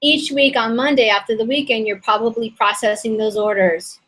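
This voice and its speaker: Chatty woman coach, voice going hoarse. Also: a little high, steady tone, normal speed, a bit bright, rough recording. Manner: chatty, rambling, with many fillers and restarts. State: voice a little hoarse and strained. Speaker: business coach hosting a members' session. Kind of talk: casual webinar teaching.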